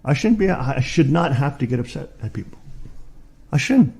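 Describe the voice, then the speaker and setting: A middle-aged man preaching in a fiery rant, swinging from low muttering to shouted insults. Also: very animated, normal speed, gravelly, a little hiss or hum.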